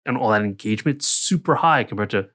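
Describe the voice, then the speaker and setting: A man's voice: on the low side, lively intonation, fast talker, fairly bright tone. A man co-hosting a casual tabletop gaming podcast, rambling with restarts and acting out townsfolk lines. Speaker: podcast co-host, dungeon master. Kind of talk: casual chat.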